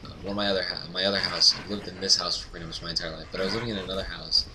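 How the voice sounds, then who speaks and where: Man, low-pitched voice, gameplay commentary, casual storytelling, frequent laughs, noisy mic. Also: very fast. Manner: animated, laughing, rising to excited yelps. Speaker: gaming commentator.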